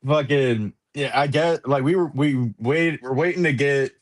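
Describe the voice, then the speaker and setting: A man in a casual chat, telling a story in a lively, profane way and laughing often. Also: medium pitch, unhurried, dry recording.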